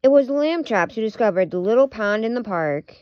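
A woman reading a children's picture book aloud in a clear storytelling manner. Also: fairly high pitch, animated, a little fast, highs cut off. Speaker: storybook reader.

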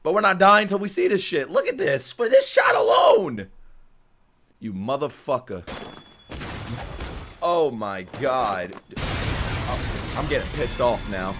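A young man reacting to an anime, shouting, swearing and laughing in excited commentary. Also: medium pitch, unhurried, pauses often, noisy background. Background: anime soundtrack playing.

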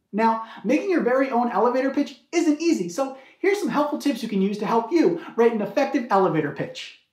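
A man hosting a comedy video, giving a scripted monologue with a mock-salesman, deadpan delivery. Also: extremely high pitch, roomy sound.

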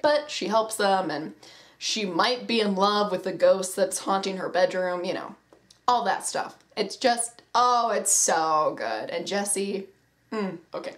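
A woman's voice: medium pitch, animated, measured pace. A young woman chatting casually as a book vlogger, gushing and self-deprecating, with a lot of "like". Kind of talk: casual chat.

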